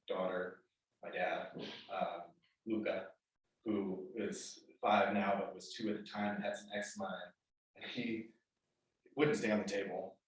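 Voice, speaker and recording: A man with a somewhat low voice gives a spoken tribute at a memorial, pausing and restarting his sentences often. He is picked up from far off, and the hall rings with heavy echo. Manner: halting, many restarts and fillers. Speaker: memorial speaker. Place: spiritual center hall. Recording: echoey hall, mic from far off.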